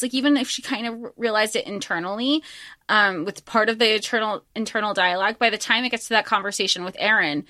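A woman co-hosting a podcast, chatting casually about a movie in an animated, emphatic way with quick asides. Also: mid-range voice, dry recording, studio quality. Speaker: podcast co-host.

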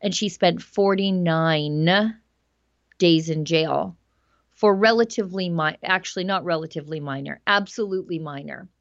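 A woman hosting a news commentary show, talking in an emphatic, animated way. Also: lowish voice, moderate pace, dry recording, muffled recording. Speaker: host.

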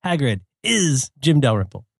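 Animated man with lively, bouncing delivery. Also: mid-range voice, normal speed, husky, no room sound, studio quality. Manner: animated and playful, breaks into goofy voices and bits of song. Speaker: podcast co-host. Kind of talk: casual chat.

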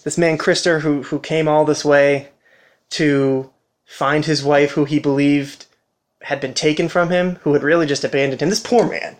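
A man who co-hosts a podcast, casually retelling a game playthrough in an animated, conversational way. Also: a little high, normal speed. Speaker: podcast co-host.

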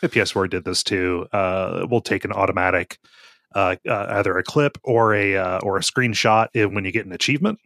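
Male co-host, lowish voice, laid-back chatty read, dry studio sound. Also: fairly quick, dry recording. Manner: relaxed, easy laughs, brief agreeing replies. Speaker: podcast co-host reading listener questions. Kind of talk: casual chat.

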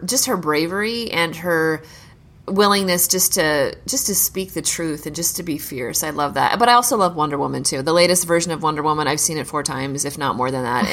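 A woman with a fairly low voice chatting casually. She sounds earnest and eager, often circling back and repeating herself as she talks. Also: fairly bright tone. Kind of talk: casual chat.

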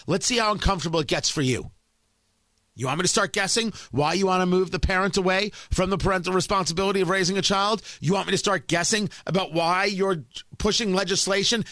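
Combative high-voiced male commentator. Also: pushed and bright, no echo. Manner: combative, emphatic, rhetorical questions. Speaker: political commentary host. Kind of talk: opinion monologue.

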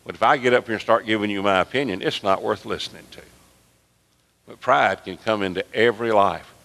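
A pastor preaching with fervor, his bright, forceful voice swelling toward near-shouts. He is recorded in a church sanctuary whose long reverb trails each phrase. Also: fairly low pitch, fairly quick, gravelly. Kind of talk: sermon.

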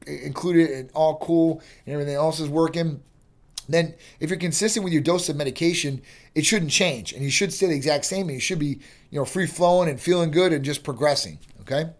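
A man hosting a clinic talk show, explaining health matters in a casual, chatty way that keeps checking in with "right?" and "you know". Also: a little high. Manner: chatty, repeats "you know" and "right?", acts out quick exchanges. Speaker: host of a medical clinic show.

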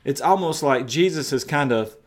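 A male preacher delivers a sermon with a slightly high voice. He retells the story emphatically, dwelling on the details and pressing his points home. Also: expressive, moderate pace.

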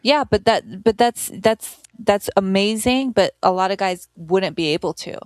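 A woman's voice: medium pitch, expressive, unhurried, no room sound. A woman comedian chatting casually in an interview, filling her talk with "like.". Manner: chatty, lots of "like" fillers. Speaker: comedian guest.

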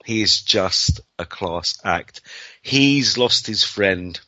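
A male podcast host with a bright, tense voice who speaks slowly and deliberately. His delivery is dry and close to the mic, with somewhat dull sound. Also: lowish voice, no room sound. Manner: emotional, playful. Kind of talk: casual podcast chat.

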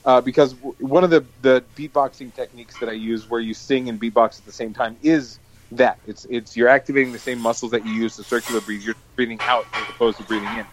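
A man co-hosting a podcast, telling a long story in an animated, swearing casual chat. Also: medium pitch, quick pace, a little hiss or hum, low-quality recording. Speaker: podcast co-host.

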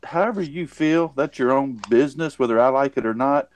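A man's voice: mid-range voice, brisk. A man, co-hosting a casual podcast chat, talking in emphatic, ranting bursts and calling people buddy. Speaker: podcast co-host.

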